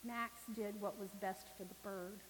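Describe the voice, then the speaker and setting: A woman's voice: medium pitch, fairly even intonation, measured pace. A woman preacher giving a sermon at a church service, telling her stories with animation and acting out the people in them. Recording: long reverb, faint hiss.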